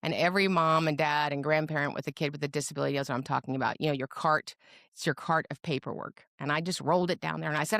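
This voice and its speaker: A woman's voice: sits low, fast, dry recording, clean studio sound. A middle-aged woman, a podcast guest and advocate, telling her story with humor and acting out the people she quotes. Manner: lively storyteller who acts out quoted voices with humor. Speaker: guest, special education advocate. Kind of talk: personal storytelling in a podcast interview.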